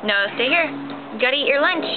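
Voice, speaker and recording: High-voiced woman coaxing a toddler. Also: animated, fast talker, music in the background. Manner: coaxing, sing-song talk to a small child. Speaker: caregiver feeding a toddler. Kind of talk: home video chat. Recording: tinny, noisy home video.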